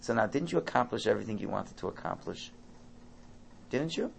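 A man giving an informal Torah talk, animated and acting out parent and child dialogue. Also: on the low side, a little fast, vocal fry, slight background noise.

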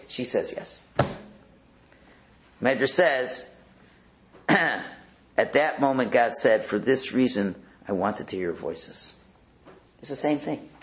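A man's voice: mid-range voice, measured pace, pauses often, slight background noise. A man teaching a Torah class as a rabbi, telling stories animatedly and acting out the voices. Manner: animated storyteller, acts out voices. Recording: roomy echo.

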